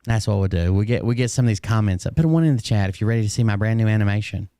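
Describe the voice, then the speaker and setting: A man streamer talks to his chat in blunt, sarcastic asides, with profanity thrown in freely. His voice is smooth and clear, a little strained. The sound is dry and close. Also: lowish voice, racing, warm tone, no room sound. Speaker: streamer reacting to clips. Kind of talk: casual profane commentary.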